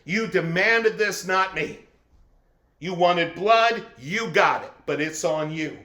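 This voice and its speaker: Man acting as an anxious Roman governor, anguished self-questioning, high-ish male voice, echoey room. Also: slow, pushed and bright, exaggerated voice. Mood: troubled. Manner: anguished inner monologue, questioning himself. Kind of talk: dramatic first-person portrayal.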